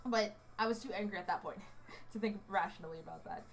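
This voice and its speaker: A woman's voice: medium pitch, fast talker. A young woman in her twenties from the United States, a student vlogging in a casual, rambling way with lots of fillers and restarts, a bit fidgety. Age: 20s. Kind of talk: casual chat. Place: indoors under a hot light.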